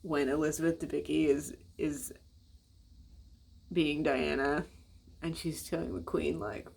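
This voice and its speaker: An American woman vlogs in a low-pitched, fairly even voice that is unhurried and creaky, with a darkish tone and a breathy edge. Her talk is casual, blunt and rambling, full of swearing, and aimed straight at her viewers.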